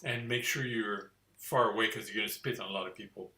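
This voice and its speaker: A man performing in an improv comedy scene, offering dry, halting suggestions. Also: fairly low pitch, fairly even intonation, background noise.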